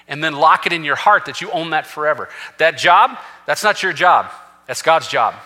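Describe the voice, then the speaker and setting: A man's voice: on the high side, animated, brisk, pushed and bright. A man preaching a sermon as senior pastor, telling a scripture story with acted-out quotes and rising to fervent peaks. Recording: long reverb of a large hall.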